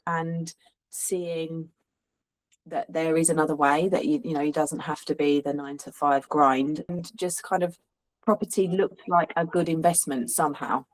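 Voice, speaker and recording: A woman's voice: fairly low pitch, fairly even intonation, moderate pace, rough recording. A woman from the London suburbs with a slight Cockney accent, chatting as an interview guest, rambling with frequent ums and restarts. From suburbs of London, England. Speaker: guest, Airbnb host and hairstylist. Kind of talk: casual interview chat.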